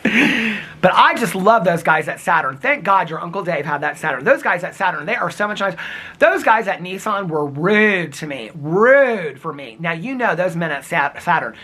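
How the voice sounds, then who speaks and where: A man's voice: high-pitched, lively intonation, normal speed, bright, forceful tone, full character voice. A man imitating his talkative older mother, rambling and gushing.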